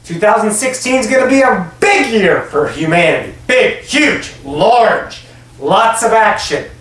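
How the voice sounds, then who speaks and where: A man's voice: sits high, expressive, unhurried, a bit bright. Roomy, distant man preaching emphatically. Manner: emphatic, repetitive, speaks as a collective "we"; casual and blunt, with swearing. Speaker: spiritual channeler. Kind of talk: channeled spiritual message. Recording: roomy echo, distant from the mic, faint noise.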